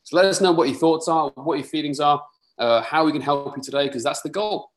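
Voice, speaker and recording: A man's voice: fairly high pitch, brisk. A man in his thirties with a slight Welsh twang to his British accent, hosting a live webinar in an upbeat, chatty way and reading out viewer comments. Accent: Welsh-tinged British. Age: 30s. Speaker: webinar host.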